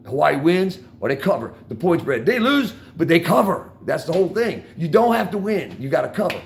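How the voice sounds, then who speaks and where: Gravelly and a bit high, this older man's DC-accented voice is very animated and fairly quick, with some background noise. Standing outdoors on a street corner, he gives viewers a rambling, casual monologue full of profanity and constant "man" and "y'all."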